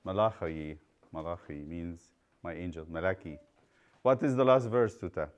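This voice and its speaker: A man's voice: low-pitched, moderate pace, lo-fi sound. A man teaching a children's Bible study, quizzing the class and retelling stories with acted-out voices.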